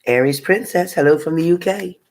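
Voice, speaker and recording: A woman's voice: sits low, fairly quick, darkish tone, low-quality recording. A woman tarot reader chatting casually on a live stream, reading out viewers' names and sometimes stumbling over them.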